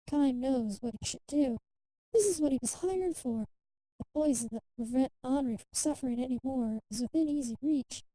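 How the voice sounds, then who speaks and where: A woman streamer reading a game's story aloud in a measured, emotional way, over faint music. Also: high voice, warm tone, no echo, poor audio.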